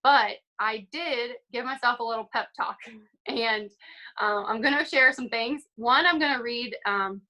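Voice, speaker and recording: A young woman speaks on a video call in an upbeat, chatty way, with lots of casual fillers. Her voice sits a little high and has a bright, forward ring. She talks like she's encouraging a team. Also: a little slow, low-quality recording. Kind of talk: casual motivational call talk.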